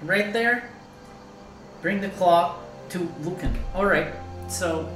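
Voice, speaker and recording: A woman's voice: on the low side, slow, long pauses, a bit bright, echoey room, soft background music, rough recording. A woman hosting a gaming video, chatting casually over her play and thinking aloud with fillers. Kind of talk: casual gameplay commentary.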